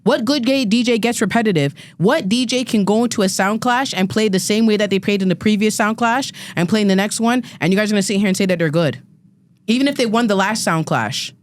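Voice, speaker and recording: A woman in her thirties, a guest panelist on a podcast, launches into a heated, profane rant, stumbling and repeating words emphatically as she gets fired up. Her voice is medium in pitch and brisk.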